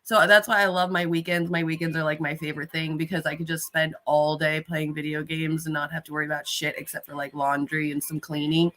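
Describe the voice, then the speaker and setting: A woman's voice: deep voice, little pitch movement, fairly quick, few pauses, a bit bright. A woman chatting casually on a live stream, laughing often and swearing freely.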